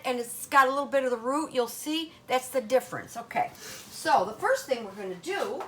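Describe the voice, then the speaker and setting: An older woman with a high, fairly bright voice hosts a home cooking demonstration in her kitchen. She talks in a chatty, folksy Italian-American grandmother manner, with slight background noise.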